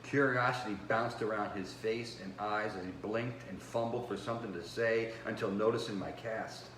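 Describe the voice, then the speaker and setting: A man, the author and host, reading his own noir novel aloud in a measured first-person storytelling voice, recorded in a home kitchen. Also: on the low side, a bit bright, slight background noise. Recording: roomy with faint background ambience.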